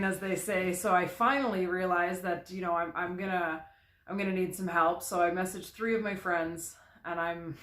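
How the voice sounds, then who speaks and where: A vlogger telling a personal story candidly, in a halting way with frequent restarts. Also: mid-range voice, a bit bright. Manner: halting, with many restarts and "you know". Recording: echoey room.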